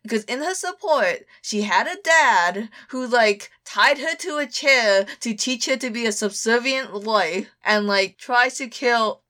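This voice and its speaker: A woman's voice: a little high, lively intonation, a little slow, few pauses, sharp tone. A young woman co-hosting a casual chat about video games, opinionated, swearing and restarting her sentences with lots of fillers. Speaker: podcast co-host.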